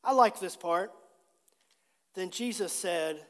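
A male pastor with a very high voice preaches a sermon in a church sanctuary. He is earnest and repeats key phrases for emphasis. His voice rings with the long reverb of the church hall. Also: a little slow, a bit bright.

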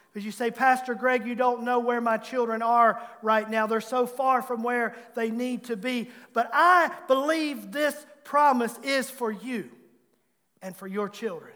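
A male pastor in full flow, his voice sitting unusually high and ringing as he urges his congregation on. He leads them in call-and-response, with a fervent, pleading drive. His words carry a long reverb from a large church sanctuary. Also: normal speed, a bit bright. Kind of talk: sermon.

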